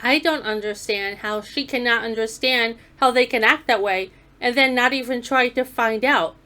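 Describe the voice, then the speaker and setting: Bright-voiced sarcastic woman commentator. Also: a little high, normal speed. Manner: sarcastic, scolding. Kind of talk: mocking voice-over commentary.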